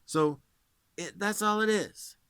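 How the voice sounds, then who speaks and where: A man's voice: fairly low pitch, lively intonation, a little slow, sharp tone, dry recording, studio quality. A man in his thirties who works as a voice actor, rambling casually to camera and demonstrating voices as he explains.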